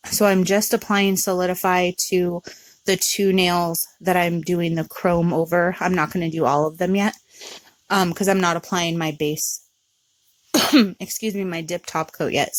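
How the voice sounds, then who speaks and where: Low-voiced woman explaining nail art. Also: no echo. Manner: relaxed, chatty, with frequent ums. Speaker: nail art tutorial host. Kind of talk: casual step-by-step tutorial narration.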